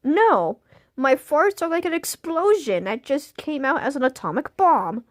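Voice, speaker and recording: A woman's voice: high voice, lively intonation, measured pace, no echo, studio quality. A young woman chatting on a livestream, laughing constantly in a giggly, silly way. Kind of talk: casual livestream chat.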